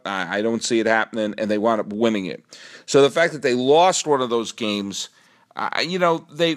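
On his solo sports podcast, a middle-aged host with a New England accent rambles with lots of energy. He keeps swinging from muttered asides to excited outbursts.

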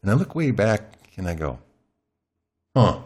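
Deep-voiced man telling a lively story. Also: a little slow. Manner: animated anecdotal storyteller, chatty with fillers. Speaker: news anchor as interview guest. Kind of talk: candid interview storytelling. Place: his home.

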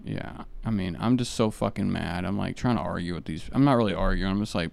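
A man's voice: low voice, quick pace, gravelly, few pauses, a little mellow. A man hosting a podcast, telling rambling, profane stories in casual chat. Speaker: podcast host.

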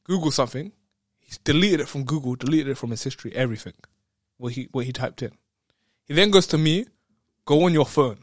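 A man telling a story in casual chat, excitable, laughing often and repeating words. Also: medium pitch, a little fast, no echo, clean studio sound.

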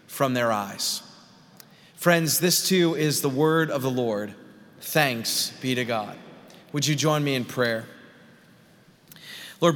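A man leading worship as a pastor, reading scripture and praying in a slow, measured way with rising emphasis. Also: a little high, fairly bright tone. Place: large church sanctuary. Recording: long church reverb.

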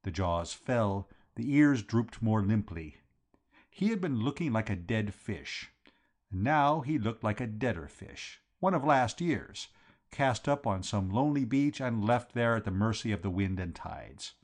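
A man hosting a podcast, reading a comic novel aloud with wry, animated storytelling. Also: lowish voice, unhurried.

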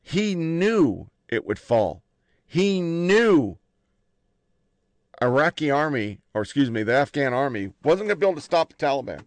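A man telling army stories in a blunt, profane, animated way. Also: fairly high pitch, moderate pace, no echo. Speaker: army veteran recounting stories. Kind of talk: profane casual storytelling.

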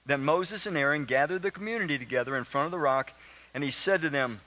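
A man's voice: on the high side, expressive, moderate pace, bright, forceful tone, poor audio. A man preaching a sermon, reading scripture aloud and earnestly quizzing his congregation. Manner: asks the congregation questions; emphatic and earnest.

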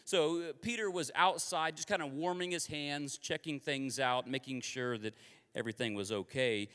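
With a long hall reverb trailing his words, a Kansas preacher delivers a lively sermon that feels conversational and confessional. His voice is on the high side, at normal speed.

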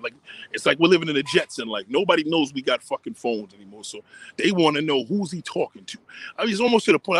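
A man's voice: a little high, animated, fast talker, a bit bright, breathy edge. A man ranting profanely and emphatically on a livestream, repeating himself as he talks outdoors on a phone. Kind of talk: casual rant on a livestream.

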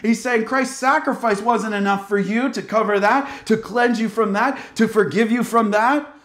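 Earnest high-voiced preacher man, roomy echo. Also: normal speed, a bit bright. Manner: earnest, exhorting, repeatedly addresses listeners as loved ones. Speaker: pastor. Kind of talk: sermon.

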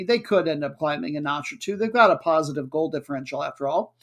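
A man hosting a podcast in a casual, jokey, chatty way, with filler words. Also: sits high. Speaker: podcast host. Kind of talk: casual chat.

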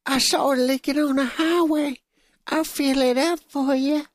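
A man's voice: very high-pitched, steady tone, a little slow, very noisy, pitched above the performer's own voice. A man putting on the voice of a leering, creepy stranger with lewd intentions.

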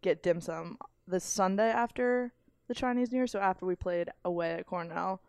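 A woman co-hosting a casual sports podcast, chatty and quick to laugh. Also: fairly low pitch, a little mellow, smooth, no room sound, studio quality. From Filipino family.

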